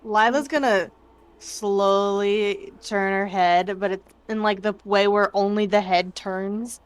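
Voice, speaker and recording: Woman, tabletop player, dry matter-of-fact delivery, mid pitch. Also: steady tone, slow pace, clear, resonant tone. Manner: dry, matter-of-fact, describes her character's actions. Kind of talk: casual chat.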